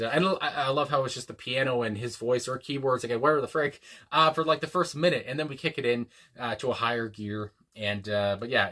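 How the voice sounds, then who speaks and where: A man's voice: medium pitch, fairly bright tone. A man hosting a music reaction video, talking casually in a rambling, hesitant way with lots of fillers and restarts, earnest and reflective.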